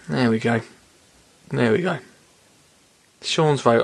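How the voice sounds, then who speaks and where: A man hosting a podcast, telling a story in a casual, animated way and laughing often. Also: medium pitch, normal speed, gravelly, long pauses. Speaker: podcast host.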